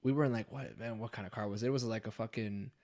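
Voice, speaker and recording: A young man hosting a podcast shares a casual ghost story, his voice on the low side and his pace quick. He curses frequently and acts out his friends' lines with animation.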